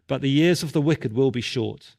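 A man's voice: medium pitch, moderate pace, vocal fry, a little mellow. A male pastor preaching a sermon, telling a story and building to emphatic repeated calls.

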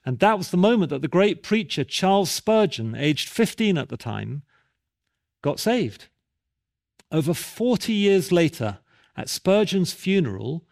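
A man's voice: a little high, darkish tone. A male pastor preaching a sermon, telling a story and building to emphatic repeated calls.

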